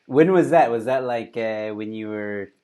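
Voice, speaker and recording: A man's voice: lowish voice, a little slow, warm tone. A man hosting a casual interview, asking questions with friendly short replies. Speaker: show host.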